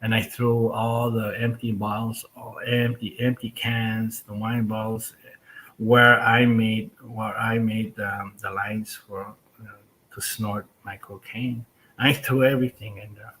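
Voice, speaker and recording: A man's voice: lowish voice, flat delivery, a bit bright, poor audio. A First Nations man, a guest on a talk show, earnestly and reflectively telling a personal story. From First Nations community. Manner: earnest, reflective, slow retelling.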